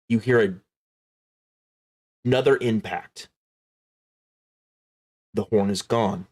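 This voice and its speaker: A man narrating a tabletop game as game master, slow and dramatic, dropping to hushed tones. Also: lowish voice.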